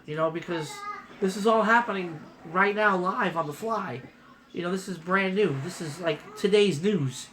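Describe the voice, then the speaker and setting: A man's voice: sits high, moderate pace, a bit bright. Guy in his 30s rambling into his phone at a trade show, emotional, keeps saying you know, some faint noise around. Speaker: vlogger. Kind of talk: casual vlog. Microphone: phone camera.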